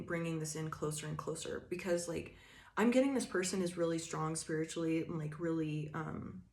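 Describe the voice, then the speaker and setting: A chatty woman gives a casual tarot reading, rambling, laughing often and restarting her thoughts mid-sentence. Her voice sits a little low for a woman. The room has a noticeable echo. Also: a little mellow. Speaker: tarot reader. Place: room indoors by a window.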